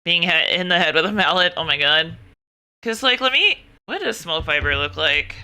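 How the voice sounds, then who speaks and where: A young woman streams herself chatting with viewers, talking in an animated, exasperated rant full of swearing. Her voice is very bright and crisp, smooth and clear. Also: lowish voice, moderate pace. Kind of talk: casual chat.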